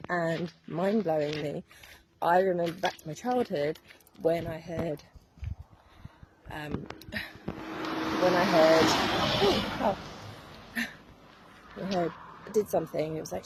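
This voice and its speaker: A woman's voice: low voice, steady tone, slow, pauses often, darkish tone, slight background noise, rough recording. A woman giving a chatty, earnest wellness talk to her viewers, laughing now and then. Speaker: wellness coach. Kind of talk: casual talk to camera.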